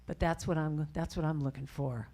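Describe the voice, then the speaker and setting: A woman giving a heartfelt spiritual talk, speaking gently and slowing down on key words, sometimes dropping to a soft near-whisper. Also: deep voice, fairly even intonation. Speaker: inspirational speaker and singer. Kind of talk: spiritual talk leading a chant.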